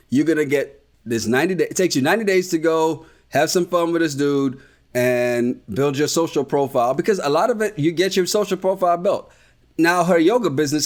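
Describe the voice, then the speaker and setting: A man from the Caribbean co-hosts a casual podcast recap. His voice sits a little high and swings widely in pitch. He talks bluntly and swears freely. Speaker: podcast co-host.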